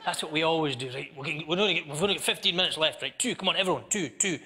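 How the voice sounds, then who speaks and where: A Scottish man doing a stand-up comedy set, animated and chatty as he tells stories to a live audience. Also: on the high side, rapid-fire. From Scotland. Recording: live show with audience laughter.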